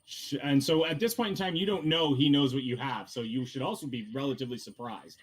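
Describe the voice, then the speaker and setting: A man's voice: medium pitch, brisk, breathy edge. A man narrating as dungeon master in a casual tabletop game session, with many fillers and restarts.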